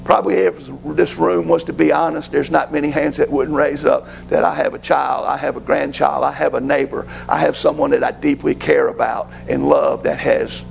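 A man's voice: on the high side, gravelly, poor audio. A man preaching a sermon as pastor, rising to fervent pleading.

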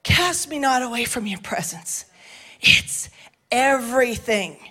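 High-voiced passionate woman preacher. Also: expressive, takes it slowly, slightly rough. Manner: passionate, rising to shouts at climaxes. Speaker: pastor. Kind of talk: sermon. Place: church sanctuary with balcony.

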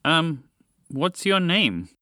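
A man's voice: a little high, very animated, very slow, bright, forceful tone, clear, resonant tone, no room sound, clean studio sound, pitched above the performer's own voice, full character voice. A man voicing a timid, bewildered male moose who speaks hesitantly and apologetically in a storybook tale. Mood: confused.

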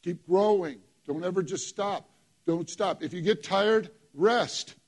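A man's voice: sits high, a little slow, breathy edge. A man preaching a sermon in church, working the congregation with emphatic call-and-response and short repeated phrases. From New York. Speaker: pastor.

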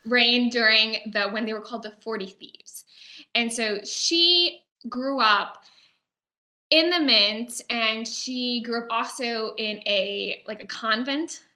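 A woman recounts a history story in conversation, with a bright and fairly high voice. She talks in an animated way and slips into the voices of the people she describes. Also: roomy sound. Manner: animated, acts out quoted characters. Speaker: guest historian.

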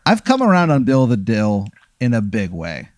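A man's voice: medium pitch, huge pitch swings, normal speed, a little mellow, no echo. Middle-voiced man, sheepish comic straight man, dry sound. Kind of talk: improvised comedy banter.

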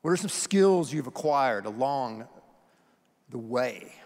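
A man's voice: mid-range voice, lively intonation, slow pace, darkish tone, big-room sound. A middle-aged man preaching a sermon, emphatic and conversational, firing off questions at the congregation. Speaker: pastor.

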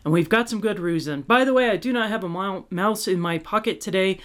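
A woman's voice: medium pitch, fairly quick, a bit bright. A woman, hosting a podcast in casual chat and laughing often. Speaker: podcast host.

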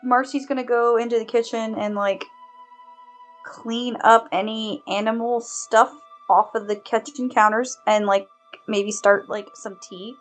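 A woman's voice: on the high side, fairly even intonation, a little slow, faint music behind. A woman playing in a tabletop game, casual and giggly. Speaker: player. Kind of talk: tabletop role-play chat.

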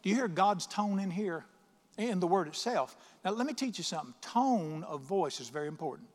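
A middle-aged man preaching a sermon as pastor, reading scripture slowly and questioning his congregation with emphasis. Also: high voice, animated, a little mellow. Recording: long reverb of a large hall.

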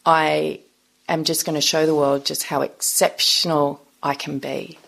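A middle-aged woman speaks as a guest on an interview podcast. She tells her story in an earnest, reflective and unhurried way. Her voice sits low, with a creaky, gravelly edge. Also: flat delivery, fairly bright tone.

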